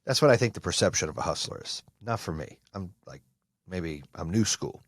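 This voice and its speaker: A man hosting a podcast, giving an intense, profane motivational monologue with shouting bursts. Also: low-pitched, animated, a little fast, breathy edge, no echo, clean studio sound. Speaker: podcast host.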